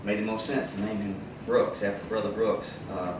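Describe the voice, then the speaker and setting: A man's voice: lowish voice, little pitch movement, normal speed, background noise. A man chatting casually between songs at a live music session, telling a rambling story and often restarting his phrases. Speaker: singer-songwriter performing live. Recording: echoey room, far from the mic, loud guitar.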